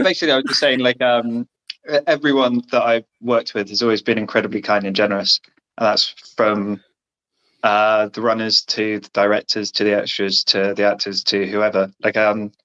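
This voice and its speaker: A man's voice: lowish voice, level tone, fairly quick, a bit bright. A man guest on a remote call, talking earnestly and rambling, restarting his sentences often. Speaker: guest actor. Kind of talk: casual chat. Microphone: remote call over Wi-Fi. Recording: muffled lo-fi call audio.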